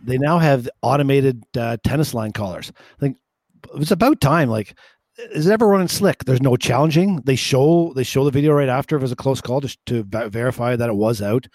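A man's voice: mid-range voice, a little fast, darkish tone, no echo. A man co-hosting a podcast over a remote call, easygoing with dry humor in casual chat. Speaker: podcast co-host.

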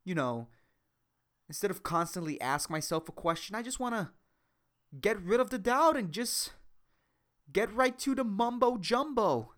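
A man hosting a solo comedy podcast, rambling and self-mocking, crude, with a high squeaky voice. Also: lively intonation, a little slow, long pauses, a bit bright. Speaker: podcast host.

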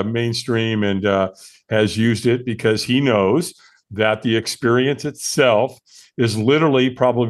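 Older American man, sixties, mid-pitched, earnest storyteller who restarts his sentences, interview guest. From United States. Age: 60s. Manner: earnest, animated retelling with filler-heavy restarts. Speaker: podcast guest.

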